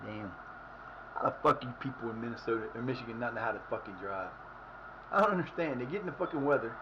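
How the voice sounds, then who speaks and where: A man's voice: mid-range voice, expressive, fast, highs cut off, noisy background. A man streaming a football game live, swearing often as he rants at his team's play. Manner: frustrated, profane ranting at the game.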